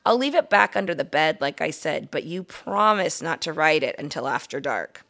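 A woman's voice: low voice, sing-song, normal speed, gravelly, fairly bright tone, exaggerated voice. A woman reading a friendly young boy. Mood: reassuring.

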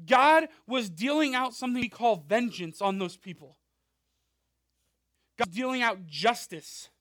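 A male pastor giving a conversational sermon, animated, with frequent asides and rhetorical questions. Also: very high-pitched, moderate pace, no room sound, studio quality.

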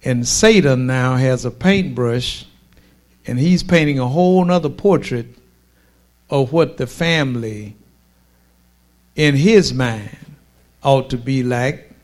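A man preaching a sermon with a slow, drawn-out cadence, pausing for emphasis and delivering forceful declarations. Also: mid-range voice.

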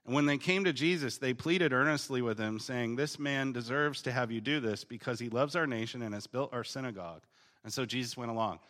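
Bright-voiced man teaching scripture casually. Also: mid-range voice, brisk. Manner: casual, animated, paraphrases scripture in slangy voices; swings between loud emphatic bursts and quiet reading. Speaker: preacher teaching on the Gospel of Luke. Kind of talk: conversational Bible teaching.

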